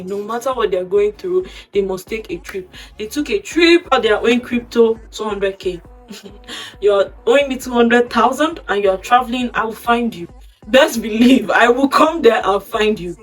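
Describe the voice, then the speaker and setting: Woman, storytime recap, gossipy and animated, faint background music. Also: on the high side, distant mic, rough recording. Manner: gossipy, animated, acts out quoted lines. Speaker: storytime host.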